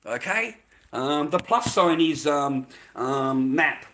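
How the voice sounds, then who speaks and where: A man's voice: a little high, expressive, slow, bright, forceful tone. Angry, swearing Australian man on a livestream. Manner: angry, profane, combative, addressing viewers directly. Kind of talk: livestream rant to chat.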